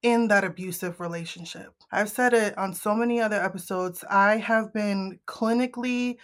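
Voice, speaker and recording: A young woman from the Northeast US, hosting a podcast and telling a personal story in a blunt, profane, animated way, acting out what people said. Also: mid-range voice, normal speed. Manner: blunt, profane, animated retelling with acted-out quotes. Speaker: podcast host.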